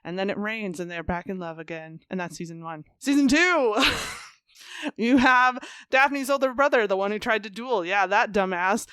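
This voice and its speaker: A woman co-hosting a podcast, giving a fast, profane, joking recap of a TV series in casual chat. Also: mid-range voice, pushed and bright, clean tone. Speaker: podcast co-host.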